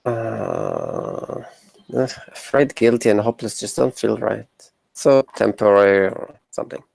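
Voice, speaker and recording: A man's voice: fairly low pitch, wildly swooping pitch, creaky, darkish tone, poor audio. A man playing a tabletop game, talking casually and stammering as he works out his move. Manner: halting, stammering. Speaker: player.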